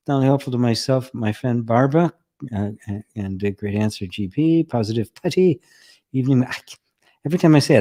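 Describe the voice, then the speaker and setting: A man giving a casual spiritual talk on a live stream, reading out viewer comments, relaxed and conversational with frequent laughs and "right?". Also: mid-range voice, a little fast. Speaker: spiritual teacher and host.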